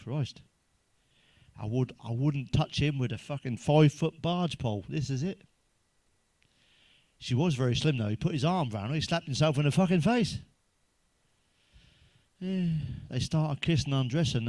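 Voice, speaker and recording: A man's voice: mid-range voice, expressive, normal speed, pauses often, darkish tone, no echo. A man telling crude stand-up jokes, swearing constantly and laughing at his own punchlines. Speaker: stand-up comedian.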